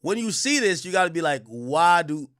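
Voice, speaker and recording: A man hosting a livestream, giving blunt, animated commentary and swearing freely. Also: high-pitched, fast, dry recording, studio quality. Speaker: streamer host.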